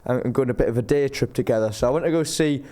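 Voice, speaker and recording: A man's voice: mid-range voice, fast talker, warm tone. A young man, rambling through a self-mocking story as a podcast co-host. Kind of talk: casual storytelling chat.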